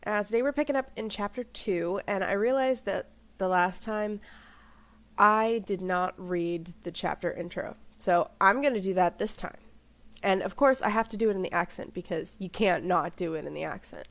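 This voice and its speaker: A woman hosts a video game let's play, speaking at a middle pitch. She chats easily to her viewers and exclaims as she goes. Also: normal speed. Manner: chatty and exclaiming, talks to viewers. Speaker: gaming channel host.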